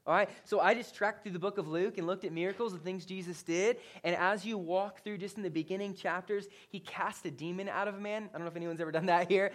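A man, a pastor, preaching a sermon in a casual, conversational way, telling stories in an animated manner and often checking in with the congregation. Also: high voice. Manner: conversational, animated storytelling with frequent "like" and "right?".

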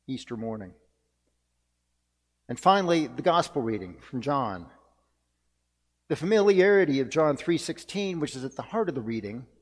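Reflective preaching man, reverberant church. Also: a little high. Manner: earnest, reflective preaching with emphatic repetition. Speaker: pastor. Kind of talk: sermon. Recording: long reverb of a church hall.

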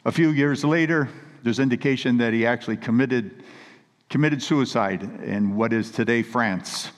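A man preaches a sermon in earnest, emphatic storytelling, reading scripture quotes aloud. His mid-range voice moves at a normal speed, carried by the long reverb of a large hall.

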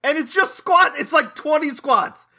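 A man's voice: very high voice, expressive, unhurried, pushed and bright. A young man on a podcast, ranting in a self-mocking way, laughing and swearing often as he complains. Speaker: podcast co-host. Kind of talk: casual podcast banter.

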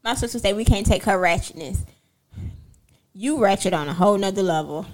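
A young woman, chatting casually and sassily to her viewers, telling a story in an animated way with laughter. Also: mid-range voice, brisk. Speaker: livestream host.

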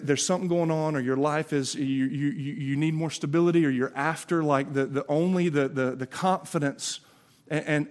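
A man preaching with a Southern US accent, his voice sitting a little higher than most men's. He talks to the congregation in a casual, impassioned way and stumbles through quick repeated restarts. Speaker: pastor. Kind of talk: Easter sermon.

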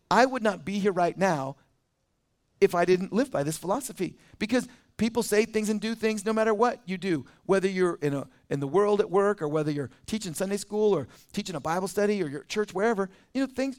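A man, a pastor, preaching a sermon in a loose conversational way and acting out the voices of people he quotes. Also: high-pitched.

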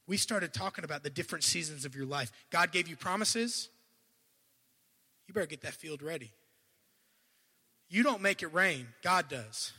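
Brief: male preacher, very bright and sharp tone, animated delivery with loud bursts and hushed asides, stumbles and restarts. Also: high voice, moderate pace, slightly rough, in a large hall. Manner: admits to stuttering and restarting. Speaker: guest preacher. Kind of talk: sermon.

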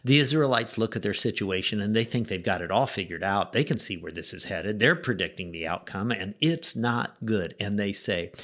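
A middle-aged male pastor with a low, gravelly voice. He talks conversationally and a little wryly, dropping rhetorical questions as he works through a short devotional. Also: animated, moderate pace, few pauses, a bit bright.

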